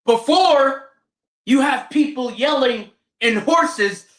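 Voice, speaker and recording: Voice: mid-range voice, expressive, a little slow, bright, forceful tone. A streamer in a heated, profane political rant who keeps asking rhetorical questions. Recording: roomy echo.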